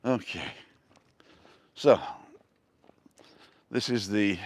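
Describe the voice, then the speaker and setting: A man's voice: on the low side, extremely slow, a little mellow, no echo. A middle-aged man with a Manchester accent, chatting casually and rambling through asides while filming on a seaside walkway. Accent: Manchester English. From North West England. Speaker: vlogger. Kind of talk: casual walking vlog.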